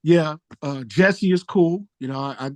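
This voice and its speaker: At a measured pace and with no room sound, a middle-aged musician casually relates stories during an interview. He gets animated, acting out people's words with dramatic jumps in his voice.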